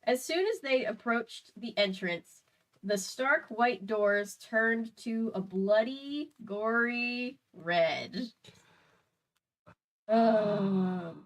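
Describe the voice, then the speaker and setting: A woman's voice: a little high, drawn-out words, poor audio. Sarcastic woman reading a novel aloud. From US South. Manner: sarcastic and chatty. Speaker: podcast host.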